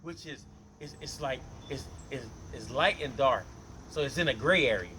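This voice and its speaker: Lively man demonstrating a bass. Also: normal speed, poor audio. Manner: loose, conversational, repeats phrases. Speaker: bass guitar teacher. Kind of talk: casual instrument demonstration. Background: bass guitar playing between lines.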